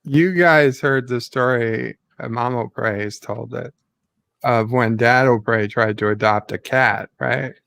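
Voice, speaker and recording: A man hosting a relaxed livestream chat, talking slowly and haltingly with frequent fillers. His voice has a gravelly edge at a middling pitch. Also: no echo. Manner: slow, halting, many fillers. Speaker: livestream host. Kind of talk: casual chat.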